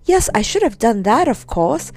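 A meek, muddled fellow stammers his apologies, as a woman plays him. His voice sits high and bounces about, with a soft, warm tone. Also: sing-song, moderate pace. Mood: flustered. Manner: flustered, apologetic. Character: meek, muddled, well-meaning male character.

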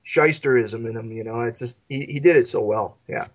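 A man's voice: medium pitch, brisk, highs cut off. A man co-hosting a casual movie podcast, swearing freely and acting out characters in quoted voices. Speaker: podcast co-host.

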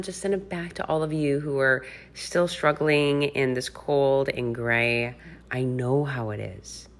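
A woman's voice: very deep voice, fairly even intonation, slow pace. A middle-aged woman from Wisconsin hosting her own podcast in a candid, chatty way, laughing and swearing freely. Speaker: podcast host and health coach. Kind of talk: casual solo podcast chat.

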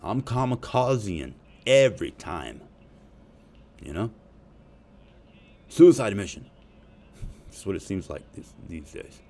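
A man's voice: low voice, very animated, measured pace, creaky, a little mellow. A man rambling profanely and jokingly in a casual monologue to his audience. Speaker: vlogger.

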